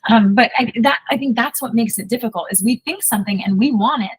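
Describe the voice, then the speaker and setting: A woman's voice: a little high, fast, breathy edge, low-quality recording. A woman hosting a podcast as a business coach, chatting casually in an enthusiastic, encouraging way, full of "like" and "so". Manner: enthusiastic, encouraging, many fillers like "like".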